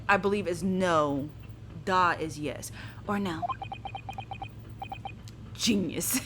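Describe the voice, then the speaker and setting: A woman's voice: mid-range voice, a bit bright, slight background noise. Chatty woman musing through a game. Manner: chatty, musing aloud, giggly. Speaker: let's play gamer. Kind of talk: casual game commentary.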